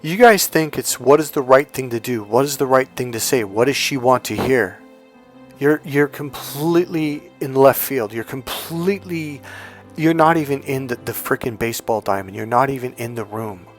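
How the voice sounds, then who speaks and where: A man talking as a dating coach, emphatic, moving between loud punchy bursts and slow, soft, drawn-out passages. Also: mid-range voice, faint music behind. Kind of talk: coaching monologue.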